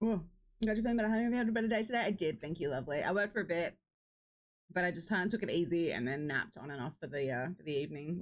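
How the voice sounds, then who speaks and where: A woman's voice: mid-range voice, rough recording. A young woman streaming a farming game, chatting affectionately with viewers and calling them "lovely" and "darling". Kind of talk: casual live-stream chat.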